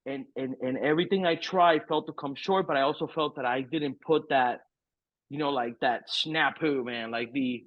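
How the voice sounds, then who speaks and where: A man's voice: a little high, brisk, no echo. A middle-aged man telling a candid, rambling story as a podcast guest, swearing freely and stacking fillers. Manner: frank, profane, rambling with many fillers. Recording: tinny phone-like line, dry.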